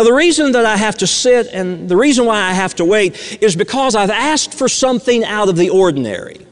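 High-voiced male preacher in a reverberant hall. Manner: earnest, repeats phrases for emphasis. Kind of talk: sermon. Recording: long reverb of a large hall.

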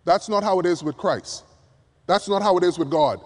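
A male preacher delivering an emphatic sermon from the pulpit, swinging from loud appeals down to hushed words. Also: sits high, moderate pace. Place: church pulpit. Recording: long reverb of a large hall.

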